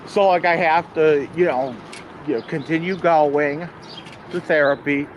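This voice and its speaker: Male cyclist, slow drawl, slightly higher voice, faint traffic noise behind. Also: muffled recording. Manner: slow, halting, clears throat often. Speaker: cyclist filming himself. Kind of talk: casual chat while riding. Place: outdoors on a city street, riding a bike.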